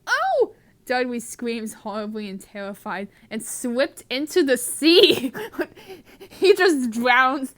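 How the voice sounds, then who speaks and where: Brief: giggly woman narrating a silly script, slightly high-pitched. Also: slow pace, fairly bright tone. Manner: laughs constantly. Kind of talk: amateur comedic script reading.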